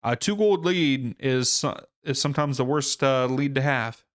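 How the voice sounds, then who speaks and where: A man's voice: medium pitch, a little slow, no room sound, studio quality. A man hosting a live soccer watchalong stream, chatting casually and thinking aloud with fillers and restarts. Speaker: livestream watchalong host.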